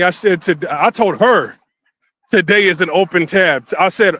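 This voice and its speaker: A man telling a dating story in a casual, slangy, animated way, filming himself on a handheld phone while walking around a city. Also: sits high, a little slow, long pauses. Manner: animated, slangy, acts out quotes. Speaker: vlogger. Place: outdoors in a city. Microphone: handheld phone camera.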